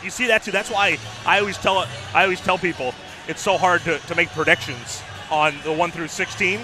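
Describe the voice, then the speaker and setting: A man's voice: high voice, brisk. A man announcing a swim meet, reading times and results, talking with many fillers and repeated words. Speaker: play-by-play announcer. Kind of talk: live swim meet commentary. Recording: loud crowd noise with music.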